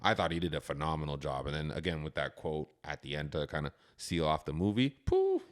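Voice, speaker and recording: A man with a very low voice chatting casually on a film podcast. He talks with animation, slipping into quoted reactions to make his points. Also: quick pace. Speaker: podcast guest. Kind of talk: casual chat about a film.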